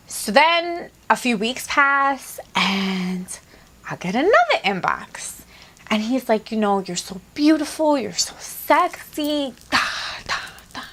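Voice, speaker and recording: Animated, profane young woman telling a story. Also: medium pitch, slight background noise. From Latina. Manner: animated, profane, acts out both sides of conversations. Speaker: beauty vlogger. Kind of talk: casual storytime chat.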